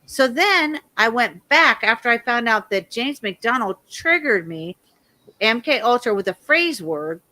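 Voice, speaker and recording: A woman in her fifties, a guest telling a long rambling story in a loud, animated way and laughing often. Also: fairly high pitch, a little slow.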